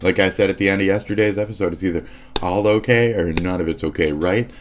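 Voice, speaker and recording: A man's voice: deep voice, quick pace, a little hiss or hum. A man hosting a livestream, ranting in a sarcastic, profane and combative way as he comments on news clips. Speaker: livestream host.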